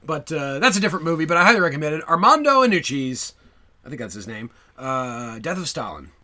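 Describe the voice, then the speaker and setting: A man's voice: on the high side, sing-song, a little fast, sharp tone. A man co-hosting a casual film podcast, wry and knowledgeable, who often laughs as he talks. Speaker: podcast co-host.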